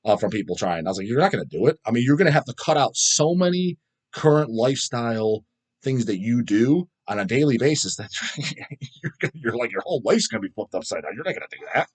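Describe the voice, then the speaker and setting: Fast-talking profane man in his thirties. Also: mid-range voice, sing-song, husky. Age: 30s. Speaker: channel host reading comments. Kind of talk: casual profane vlog rant.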